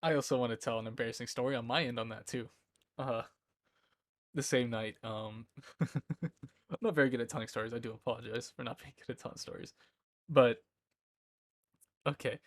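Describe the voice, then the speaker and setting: A man's voice: mid-range voice, steady tone, normal speed, pauses often, no echo. Giggly young man rambling on stream. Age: 20s. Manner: giggly, rambling, often breaks into laughter. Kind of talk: casual chat. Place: indoor room at home.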